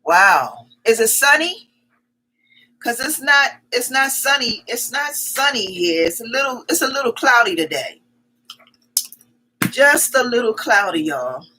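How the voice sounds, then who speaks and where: Woman livestream host, somewhat high and very bright voice, chatty, repeats her hellos and welcomes. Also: expressive, a little hiss or hum, low-quality recording. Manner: chatty, repeats greetings and welcomes in quick strings; greets viewers by name as their comments arrive. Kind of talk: casual live-stream chat.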